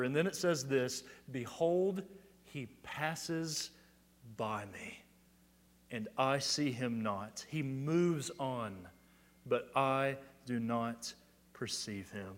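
A man preaching a sermon, explaining scripture verse by verse, building to emphatic peaks and dropping to quiet asides. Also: a little high, long reverb tail. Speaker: pastor.

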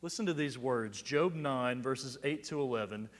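A man preaching a sermon, explaining scripture verse by verse, building to emphatic peaks and dropping to quiet asides. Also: mid-range voice, moderate pace, in a large hall. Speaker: pastor.

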